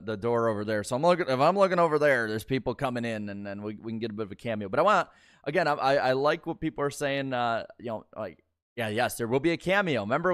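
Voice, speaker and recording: A man's voice: medium pitch, a bit bright, clear, resonant tone. A man hosting a casual post-race livestream, talking in an easygoing, rambling way with lots of fillers. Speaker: livestream host.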